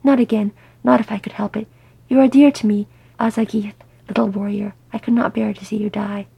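A woman's voice: mid-range voice, fairly even intonation, fairly quick, gravelly, dark tone, slightly rough. A woman voicing the ghost of a male dwarf king, pleading and impassioned.

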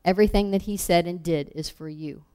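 A woman teaching a Bible lesson, reading verses aloud and acting out the quoted lines with animated emphasis. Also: lowish voice, a little fast, clean tone. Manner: animated, acts out scripture quotes.

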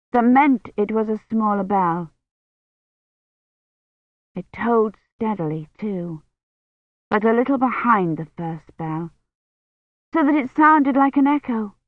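A woman reading a novel aloud as scripted narration, in a measured storytelling manner. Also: medium pitch, no echo. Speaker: audiobook reader. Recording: tinny phone-like dry sound.

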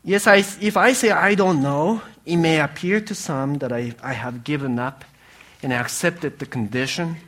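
Earnest halting male preacher. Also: a little high, a bit bright. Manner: earnest, halting speech with restarts and pauses. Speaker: pastor. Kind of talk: sermon.

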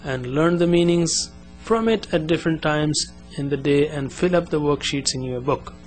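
Man teaching Arabic in deliberate drills. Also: a little high, a little mellow, faint music behind. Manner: slow, deliberate, drills words for repetition. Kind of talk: beginner language lesson.

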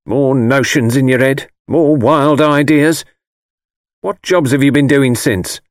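A man's voice: medium pitch, slow pace, dry recording, studio quality, pitched above the performer's own voice, close to an everyday voice. A male audiobook reader voicing a stern, disapproving middle-aged mother who speaks in clipped, reproachful phrases. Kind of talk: audiobook character voice.

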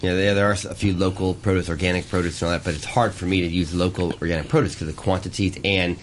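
A man's voice: sits low, steady tone, slight background noise. A man speaking as a chef guest on a radio show, rambling and restarting as he explains sourcing. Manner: rapid, rambling, restarts often. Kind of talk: casual radio interview. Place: radio studio.

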